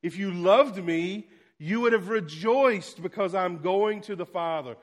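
Male preacher, fairly high voice, rises loud then drops to a hush. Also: measured pace. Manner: dynamic preaching, swinging from loud to hushed. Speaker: pastor. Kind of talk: sermon.

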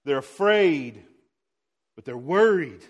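A male pastor preaching a sermon, swinging between loud exclamations and hushed, quiet lines. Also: a little high, animated, slow pace, dull audio.

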